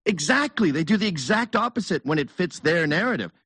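A man's voice: high-pitched, big pitch swings, a little fast, fairly bright tone, breathy edge, no echo. A man hosting a casual chat, talking bluntly and emphatically, often with mockery.

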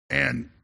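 A middle-aged man hosting a talk radio show, speaking in an urgent, intense monologue and often stammering and repeating words as he restarts. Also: sharp tone. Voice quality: gravelly, husky voice.

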